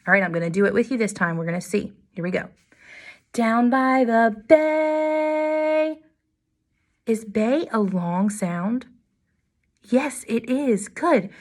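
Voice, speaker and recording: A woman music teacher leading a children's lesson, speaking in a slow, sing-song, encouraging way to young children. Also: mid-range voice, gravelly.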